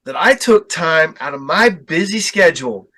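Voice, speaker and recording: A man telling a story in casual podcast chat, acting out quotes with big jumps in pitch. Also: animated, normal speed, bright, forceful tone. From Ohio. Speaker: podcast guest.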